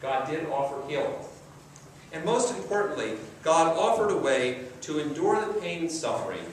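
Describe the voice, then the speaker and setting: Man, sermon, conversational storytelling, fairly high voice, very echoey hall, distant mic. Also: sing-song, moderate pace. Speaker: preacher. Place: large echoey church sanctuary. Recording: echoey church recording from afar, faint hiss.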